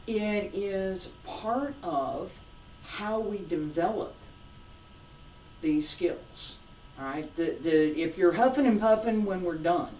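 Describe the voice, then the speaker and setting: Here the instructor has a medium pitch with lively intonation and a slightly mellow quality, slowly calling out breathing cues and casually checking "okay?" and "all right?" as they show the moves. The audio is roomy and distant, carrying a little hiss or hum.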